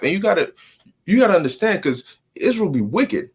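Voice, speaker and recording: A man teaching a casual bible study, slangy and animated, often repeating words as he restarts. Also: sits high, fairly quick, slightly rough. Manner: slangy, stammering repetitions, animated. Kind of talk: casual scripture commentary.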